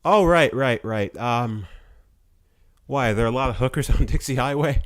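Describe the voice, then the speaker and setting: A young man from Florida chatting casually on a podcast, profane and quick to laugh in mock outrage. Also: mid-range voice. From Florida, USA. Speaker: podcast host.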